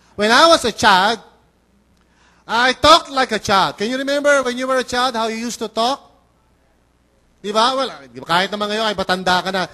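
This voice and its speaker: A man's voice: sits high, pushed and bright. A middle-aged man with a Filipino accent, preaching a conversational sermon as pastor and acting out the voices he quotes. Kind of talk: bilingual sermon.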